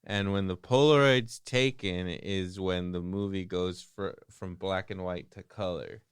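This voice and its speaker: A man's voice: deep voice, steady tone, measured pace, clean tone, no echo, clean studio sound. A man co-hosting a podcast, retelling a film's plot in loose, profane casual chat, laughing often and acting out quotes. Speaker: podcast co-host.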